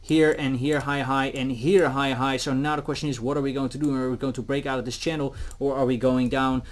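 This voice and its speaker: A man giving casual crypto market commentary, animated, with many fillers and restarts, sometimes acting out officials. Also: medium pitch, fairly quick.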